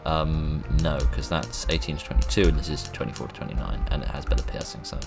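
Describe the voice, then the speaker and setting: A man giving let's play commentary, excitable and self-mocking, reading game lines aloud in put-on voices. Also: a bass voice, fast, creaky, over music. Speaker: gaming video host.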